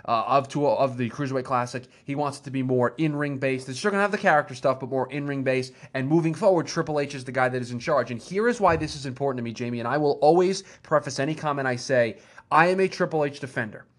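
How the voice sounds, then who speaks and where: A man's voice: medium pitch, fast. A man hosting a casual chat show, talking enthusiastically and rambling, with restarts as he goes. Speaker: podcast host.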